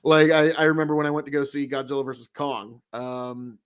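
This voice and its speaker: A man's voice: mid-range voice, steady tone, fairly quick, clean tone. A man co-hosting a livestreamed podcast, rambling and cursing in casual banter with friends. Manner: rambling, profane, laughing. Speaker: podcast co-host. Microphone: livestream podcast mic.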